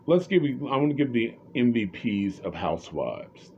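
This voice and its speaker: A man's voice: medium pitch, sing-song, normal speed, highs cut off, a little hiss or hum. A man commenting on reality TV in a casual, rambling, opinionated way, often restarting his sentences.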